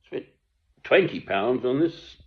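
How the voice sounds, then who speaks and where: An older man, an online commentator, gives a rambling monologue from home, chuckling, self-deprecating, and meandering. His voice is medium in pitch, expressive, and slow, captured in a dull lo-fi recording.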